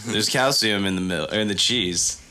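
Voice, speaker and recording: A man giving voice to a slacker hipster drifter in a podcast comedy story. He speaks in a low, bright tone with a lazy, offhand delivery and never makes much of anything. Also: moderate pace. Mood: casual. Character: laid-back young male hipster drifter.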